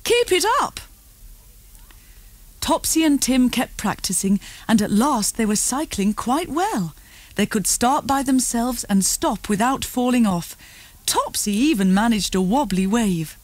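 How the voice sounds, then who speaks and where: A woman reading a children's storybook aloud, with slow, tuneful storytelling. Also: fairly high pitch, expressive, darkish tone, no echo. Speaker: audiobook narrator.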